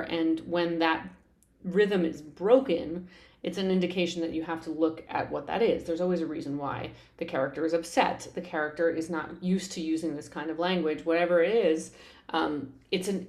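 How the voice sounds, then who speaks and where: A woman podcast host talking through a show tune's lyrics in a conversational, explanatory way, with frequent fillers and restarts. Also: fairly low pitch. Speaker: podcast host analyzing a musical. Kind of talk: conversational analysis.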